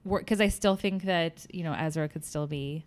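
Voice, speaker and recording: A woman's voice: deep voice, moderate pace. Hesitant woman podcast guest. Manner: hedging, tentative theorizing. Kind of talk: casual chat.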